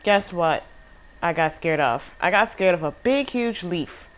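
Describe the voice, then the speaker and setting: A gaming channel host talks over her own gameplay footage in a lowish, animated voice, going a little slowly. She sounds exasperated, rambling casually with plenty of fillers.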